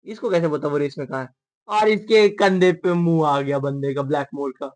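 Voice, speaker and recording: A man hosting a manga readalong, commenting casually with rapid, joking asides. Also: fairly high pitch.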